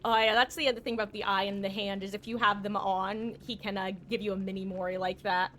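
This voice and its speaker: A woman on a live gaming stream talks to her chat in a loose, rambling way, laughing often and backing up to fix her own words. Her voice sounds bright and a little sharp, pitched in an ordinary middle range. A faint hum of noise sits behind her. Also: little pitch movement, fast. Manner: rambling, chatty, often laughing and self-correcting.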